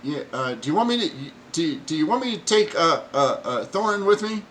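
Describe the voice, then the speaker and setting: A man voicing an eager snaggle-toothed male goblin underling who talks high and loud. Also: very animated, brisk, a little hiss or hum. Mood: hesitant.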